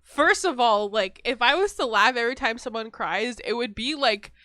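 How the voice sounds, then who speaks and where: Giggly, bright-voiced young woman. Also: a little high, moderate pace, no room sound, clean studio sound. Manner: giggly, animated, laughs often. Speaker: podcast co-host. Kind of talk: casual chat.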